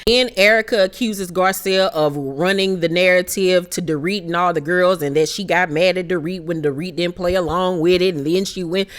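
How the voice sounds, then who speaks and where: Woman host, brash reality-show recap voice, swears constantly, fired-up opinions. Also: fairly low pitch. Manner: blunt and heavily profane; fast, heated and opinionated. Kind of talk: casual gossip recap.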